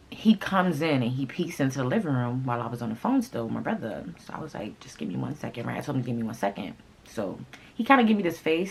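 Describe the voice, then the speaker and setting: A young woman whose first language is Haitian Creole, telling a personal story in a casual, animated way, with sudden loud outbursts and asides to viewers. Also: extremely low pitch, a little hiss or hum. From Haitian family. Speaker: vlogger.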